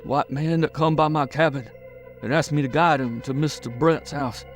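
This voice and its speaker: A man's voice: on the high side, normal speed, faint music behind, voice pushed up, close to an everyday voice. A man voicing a terrified, mortally wounded man who gibbers and sobs as he pleads for help. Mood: sobbing mumble. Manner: gibbering, slobbering, yammering.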